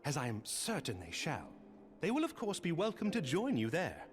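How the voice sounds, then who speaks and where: A man's voice: a little high, huge pitch swings, moderate pace, music in the background. An actor playing a courtly, formal nobleman in a video game, with gracious, old-fashioned phrasing. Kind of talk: game voice acting.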